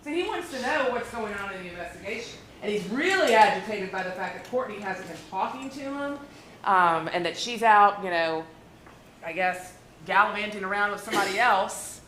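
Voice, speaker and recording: A woman's voice: mid-range voice, animated, normal speed, fairly bright tone, reverberant, slight background noise. A woman prosecutor giving a closing argument to a jury, persuasive and emphatic. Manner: persuasive, emphatic, quoting the defendant. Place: courtroom.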